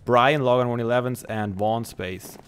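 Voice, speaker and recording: A man hosts a casual gaming session and shows his friends around, laughing often as he talks. His voice sits at an everyday middle pitch and keeps a friendly, chatty tone. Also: steady tone, moderate pace, clean tone. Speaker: host.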